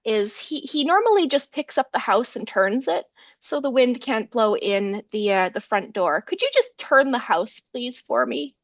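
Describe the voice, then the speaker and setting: A woman scholar retells an old folk tale with animation, slipping into the characters' lines as she goes. Her voice sits a little high. The video call audio is dry and slightly dull. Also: no echo. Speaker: folklore scholar, interview guest. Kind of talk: storytelling in an interview.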